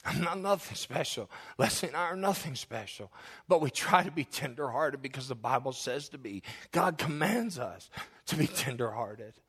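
A male pastor delivers an impassioned sermon with a husky, breathy edge to his voice. He prays aloud, rising to loud cries and then dropping to hushed whispers. His pitch sits in an ordinary middle register. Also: animated, normal speed. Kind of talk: sermon with spoken prayer.

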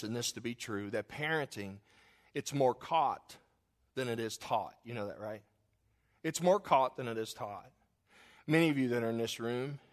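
A middle-aged man pastor preaching a sermon, telling folksy family stories and acting out the quoted voices. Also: medium pitch.

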